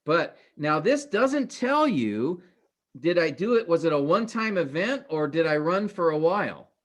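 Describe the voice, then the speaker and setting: A man teaching a class, halting with many fillers and restarts, his voice trailing off quieter at the ends of phrases. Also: a little high, sing-song. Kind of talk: classroom lecture.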